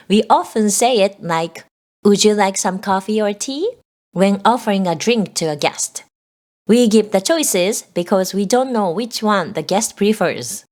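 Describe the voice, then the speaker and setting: A woman teaching a language lesson, explaining grammar clearly and patiently and reading out example sentences. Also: medium pitch.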